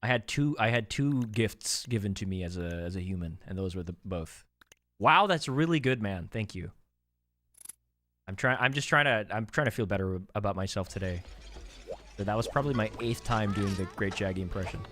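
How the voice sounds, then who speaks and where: A man's voice: fairly low pitch, normal speed, fairly bright tone. Joking young male game streamer. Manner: joking, chatty, answers chat. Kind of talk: casual live-stream chat.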